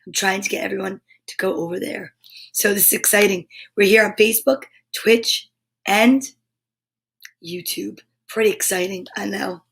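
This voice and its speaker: A woman hosting a live children's show, bubbly and excitable, with playful asides and quick drops to a whisper. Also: medium pitch, vocal fry. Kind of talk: live-streamed kids' show chat.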